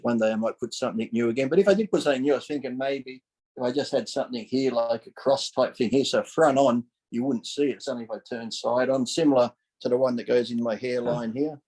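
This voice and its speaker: A medium-pitched man in his forties, recorded in low quality, tells stories as a guest in a laid-back podcast chat. He's animated throughout, dramatizes other people's words, swears freely and laughs often.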